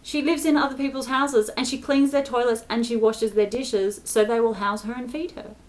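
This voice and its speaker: High-voiced woman ranting, exasperated. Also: steady tone, moderate pace. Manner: swearing, exasperated, emphatic. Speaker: spiritual vlogger. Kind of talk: angry rant to camera.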